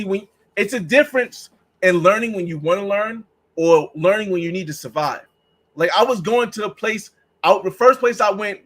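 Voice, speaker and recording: Man, high voice, travel vlog host, casual chat, rambling storyteller. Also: a bit bright, low-quality recording. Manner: rambling, storytelling with acted-out exchanges.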